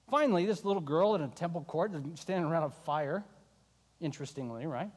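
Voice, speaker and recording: A high-voiced man preaching to a congregation, his words ringing with the long reverb of a large hall. He tells the story in an animated way, slipping into the voices of the people in it. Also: brisk. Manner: animated, acting out the disciples' voices. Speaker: pastor. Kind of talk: sermon.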